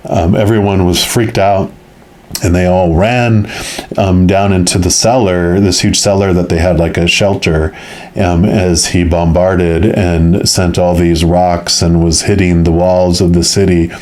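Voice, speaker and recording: A man's voice: deep voice, little pitch movement, a little slow, darkish tone. A man giving a tarot reading, telling a story casually and rambling with many fillers. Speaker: tarot reader.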